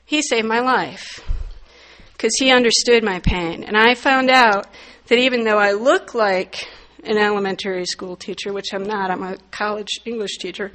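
A middle-aged woman from the northern United States giving a candid, wry personal testimony, with sudden loud emphatic bursts. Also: medium pitch, fairly even intonation, normal speed. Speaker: recovery meeting speaker.

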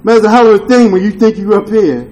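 Man, high voice, recovery meeting testimony, street slang, swears, "you dig?", earnest confession. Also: fast, a little mellow, rough recording. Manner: earnest and confessional, with rueful laughs. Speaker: speaker sharing at a recovery meeting. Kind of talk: candid testimony share.

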